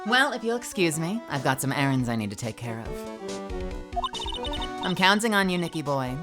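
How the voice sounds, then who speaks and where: A sultry wife purrs in a lowered, unhurried voice and drops the odd French word, as a woman reading a game puts her on. She is doting and teasing. Music plays behind her. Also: very animated. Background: background music.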